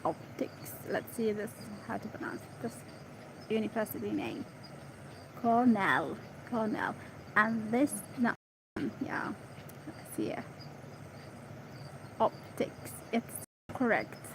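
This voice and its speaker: A woman whose first language is Arabic reads an English article aloud, stopping often to check her pronunciation in quiet asides. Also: medium pitch, expressive, slow pace, pauses often, background noise. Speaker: reader practicing English.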